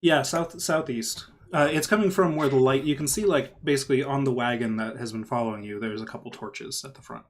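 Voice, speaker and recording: Calm game master narrating a tabletop scene. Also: mid-range voice, a little fast, hardly any pauses. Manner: calm, matter-of-fact description.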